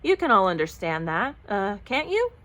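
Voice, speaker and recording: A woman's voice: medium pitch, lively intonation, unhurried, a bit bright. A woman voicing a foolish, timid little male rabbit in a storybook read-aloud, hesitant and stammering. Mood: sheepish.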